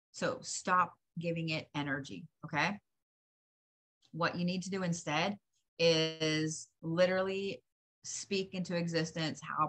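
Bright-voiced woman giving a blunt reading. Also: low voice. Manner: blunt, profane, emphatic advice. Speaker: psychic reader. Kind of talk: channeled reading, direct address.

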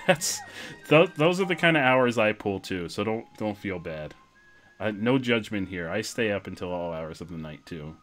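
A young man streaming a video game, commenting casually in an excitable, jokey way. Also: lowish voice, normal speed, faint music behind.

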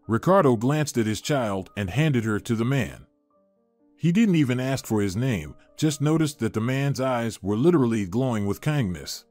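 A man giving scripted story narration in a measured, even storytelling manner. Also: medium pitch, no echo, soft background music.

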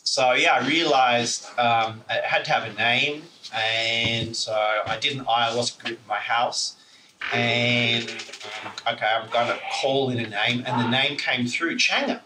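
A man's voice: mid-range voice, fairly even intonation, a little slow, pushed and bright, a little hiss or hum. A man giving an informal public talk, rambling with many fillers and chuckles, heard through a camera's built-in mic. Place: indoor talk venue. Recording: roomy, distant camera mic.

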